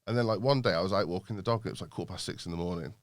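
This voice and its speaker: A man's voice: sits low, very fast, dry recording, clean studio sound. A man telling his story as an interview guest, candid, sweary and self-mocking. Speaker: business owner, interview guest. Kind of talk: casual interview, personal story.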